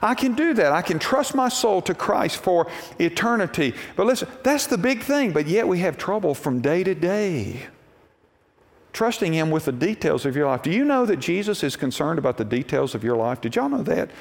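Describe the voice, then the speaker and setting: A man's voice: on the high side, very animated, moderate pace. A male pastor preaching a sermon, telling homey stories and acting out the voices in them. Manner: folksy storytelling preacher, acts out voices in quotes. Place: church sanctuary. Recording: long reverb of a church hall.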